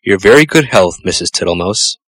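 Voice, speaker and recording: A man voicing a slow, greedy old male toad who is jovial and pushy, with drawn-out, sing-song repetitions. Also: sits low, lively intonation, a bit bright, breathy edge, dry recording, full character voice. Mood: cheerful.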